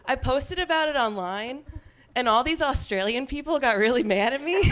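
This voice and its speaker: A woman's voice: high-pitched, very animated, unhurried, fairly bright tone, a little hiss or hum. A young woman from Long Island doing a stand-up comedy set on stage, chatty and self-deprecating, laughing at her own jokes.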